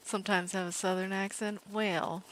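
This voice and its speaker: A woman streaming a game, chatting casually with viewers in a calm, relaxed way and laughing easily. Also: mid-range voice, normal speed, slight background noise. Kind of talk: casual live-stream chat over gameplay.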